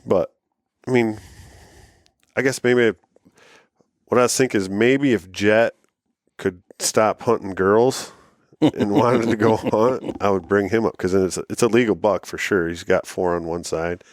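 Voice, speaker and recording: A man from Michigan chatting casually about hunting, often pausing and restarting his sentences. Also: on the low side, dry recording, clean studio sound. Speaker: podcast co-host.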